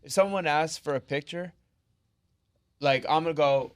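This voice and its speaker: A man co-hosting a podcast, talking casually in halting bursts with lots of restarts and "like" fillers. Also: fairly high pitch, clean tone. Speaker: podcast co-host.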